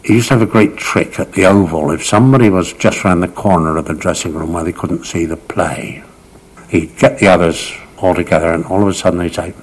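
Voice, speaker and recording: Older-style raconteur, a man with a low, husky voice who slips into others' voices as he tells stories. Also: brisk, rough recording. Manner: acts out quoted speech in shifting voices. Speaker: storyteller. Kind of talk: anecdotal reminiscence.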